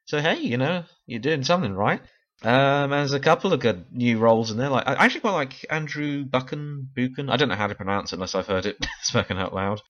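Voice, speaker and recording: A man's voice: mid-range voice, lively intonation, a little fast, fairly bright tone, highs cut off. A tired man talking through a casual, unscripted review, rambling, correcting himself and laughing often. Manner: chatty, rambling, frequent laughs and self-corrections. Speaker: TV series reviewer.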